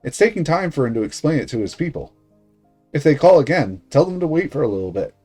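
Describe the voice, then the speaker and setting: A man reading a story game aloud voices an older police detective who teases and baits without ever losing his cool. The delivery is unhurried and mocking, set somewhat above his own voice. Faint music plays underneath. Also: fairly high pitch, big pitch swings, warm tone, pitched above the performer's own voice. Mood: calm. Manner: mocking and unbothered. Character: sly, teasing older male police detective.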